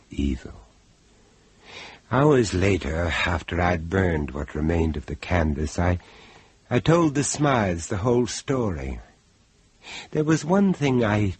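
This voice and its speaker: A man's voice: deep voice, a little mellow, breathy edge, dry recording, full character voice. A man narrating and playing the hero of a 1970s radio horror drama in a theatrical, menacing storytelling manner. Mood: hushed. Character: suave middle-aged male narrator-hero. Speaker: host and narrator.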